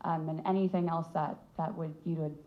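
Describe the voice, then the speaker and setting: A woman's voice: sits low, fairly even intonation, a little fast, narrow, tinny audio. A woman in the audience at a film Q&A, a dancer herself, asking long questions politely and earnestly.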